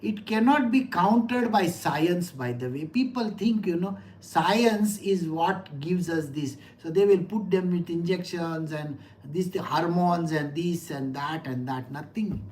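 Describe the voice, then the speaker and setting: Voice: mid-range voice, unhurried, few pauses, a little mellow, slight background noise. A middle-aged spiritual teacher gives a conversational scripture lecture, asking listeners rhetorical questions and telling personal anecdotes.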